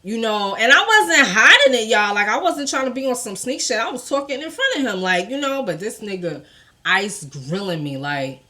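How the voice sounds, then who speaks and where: A woman telling a personal story to her viewers in a casual storytime vlog, animated and expressive, swearing freely. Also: fairly high pitch, moderate pace.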